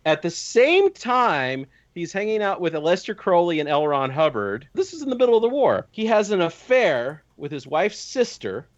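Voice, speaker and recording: A podcast guest man tells wild history in a casual, incredulous chat, swearing freely. His pitch leaps up and down as he talks. The audio is dull and lo-fi. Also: big pitch swings, moderate pace, hardly any pauses. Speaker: podcast guest discussing tabletop game lore.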